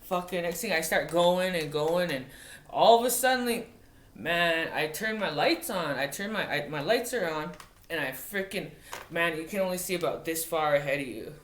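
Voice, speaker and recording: A man's voice: fairly high pitch, lively intonation, fairly bright tone. Firefighter guy telling a story, swears a lot, keeps restarting, echoey room. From Montana. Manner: profane, halting, with many restarts. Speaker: wildland firefighter. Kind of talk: casual spoken storytelling. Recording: roomy echoey recording.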